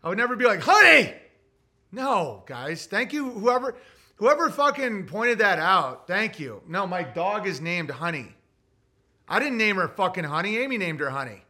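Bright-voiced man chatting on a livestream. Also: high-pitched, very animated, moderate pace. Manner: rambling, profane, talks to his dog. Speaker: livestream host reading super chats. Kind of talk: casual livestream chat.

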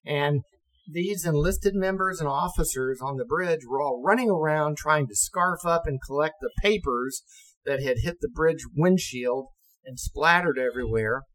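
A man's voice: mid-range voice, rough recording. Older man telling salty navy stories. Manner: salty, self-deprecating, colorful slang. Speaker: navy veteran storyteller. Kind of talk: casual spoken anecdote.

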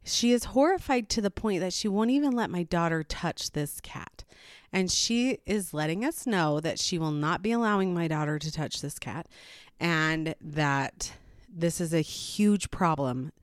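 A mother telling a personal story to camera in a casual, animated way, with rambling asides and frequent laughs. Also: fairly low pitch, a little slow, dry recording, clean studio sound.

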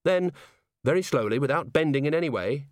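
Lively male audiobook narrator, dry and close. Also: fairly high pitch, no echo. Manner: measured, lively storytelling.

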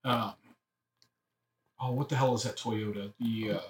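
A man's voice: mid-range voice, steady tone, a little slow, a little hiss or hum. A man with a Southern US accent, a podcast co-host and father who rambles and searches for words in casual banter. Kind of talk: casual banter over drinks.

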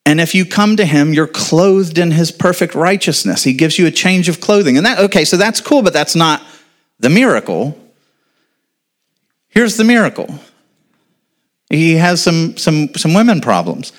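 Speaking at normal speed with lively intonation and a fairly high pitch, a male pastor delivers a relaxed sermon. He keeps asking his congregation questions and answering them himself, with offhand remarks mixed in.

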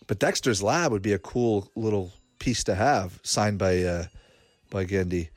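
A man's voice: on the low side, a little slow, dry recording. A man chatting casually while watching a cartoon, laughing often and thinking aloud with fillers. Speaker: cartoon reaction commentator. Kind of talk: casual watch-along commentary.

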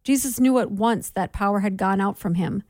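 A woman giving a measured Bible reading for a daily reading plan, with clear, steady delivery. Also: medium pitch, no echo, studio quality. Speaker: scripture reader.

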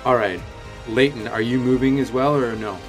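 A man's voice: mid-range voice, normal speed, music in the background. Joking game master, casual man. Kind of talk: narrating a tabletop game podcast.

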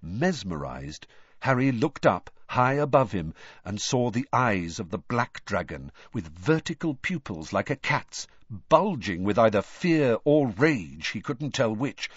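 Husky man reading a storybook aloud. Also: on the low side, a little slow, dry recording. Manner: expressive, dramatic reading. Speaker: audiobook narrator. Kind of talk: storybook narration. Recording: dull, dry recording.

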